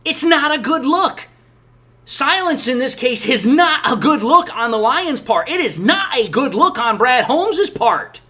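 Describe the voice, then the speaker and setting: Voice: high voice, big pitch swings, unhurried, pushed and bright. A sports channel host giving emphatic, exasperated opinion commentary on football. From Detroit area, USA.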